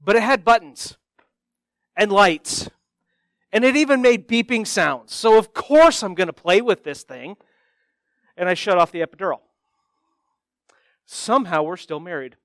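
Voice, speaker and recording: A man giving a sermon, telling personal stories in a self-deprecating, animated way and acting out the other people's voices. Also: high voice, moderate pace, pauses often, no room sound, poor audio.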